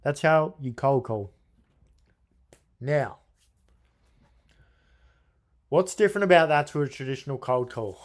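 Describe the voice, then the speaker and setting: A man's voice: mid-range voice, lively intonation, moderate pace. Blunt guy coaching. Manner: blunt, crude, joking. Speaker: business coach. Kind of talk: casual how-to video.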